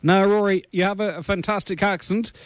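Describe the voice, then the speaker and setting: A man's voice: high voice, steady tone, fairly quick, no echo. A man hosting a weekend radio chat show in a studio, talking conversationally with plenty of fillers. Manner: conversational, filler-heavy presenting. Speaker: radio host.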